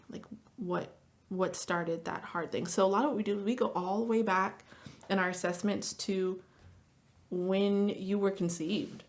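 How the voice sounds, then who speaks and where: A woman therapist talking casually as a podcast guest, chatty, with lots of "like" fillers and lively storytelling. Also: medium pitch. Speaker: marriage and family therapist.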